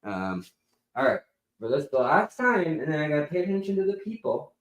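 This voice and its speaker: A man hosting a live stream in casual chat, rambling and slow, now and then talking baby talk to his cat. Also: on the high side, very animated, rough recording.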